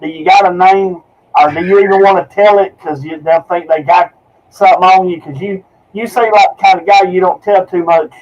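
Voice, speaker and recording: A man's voice: high-pitched, steady tone, fairly quick, a little mellow, dull audio. A man hosting a casual interview show, asking long rambling questions full of fillers. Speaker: show host.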